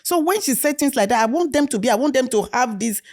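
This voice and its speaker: A woman's voice: high-pitched, fast. A middle-aged woman from Africa, in candid conversation, telling stories and acting out family dialogue. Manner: animated storytelling, acts out dialogue. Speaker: guest.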